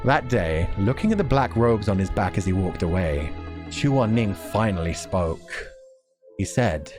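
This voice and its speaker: A man reading a novel aloud on stream and reacting to it in a giggly, profane, excitable way. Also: low-pitched, a little slow. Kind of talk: casual stream commentary and read-aloud. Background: faint music.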